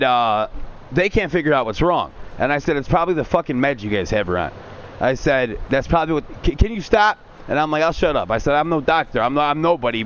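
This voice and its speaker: A man's voice: medium pitch, a bit bright, slight background noise. A man telling a long personal story on a stream, blunt and full of swearing, quoting himself and others as he goes. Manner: profane, blunt, quotes himself often.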